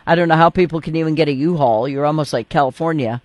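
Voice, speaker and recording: Talk show host, man, fairly high voice, casual and joking, very dry sound. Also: fast talker, no room sound. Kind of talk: political talk show interview.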